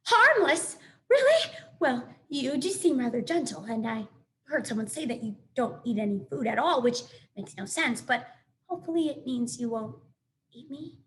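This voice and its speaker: A woman voicing a dramatic female opossum actress who is excitable and theatrical, reading a storybook aloud. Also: on the high side, moderate pace, a little hiss or hum, close to an everyday voice. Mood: startled. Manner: theatrical, excitable, gasping and stammering when startled.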